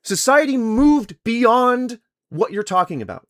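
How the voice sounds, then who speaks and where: Fiery, swearing man streamer, lively pitch. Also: unhurried, no room sound, studio quality. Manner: angry, profane, lecturing. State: losing his voice. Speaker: streamer debating chat. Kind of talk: heated livestream argument.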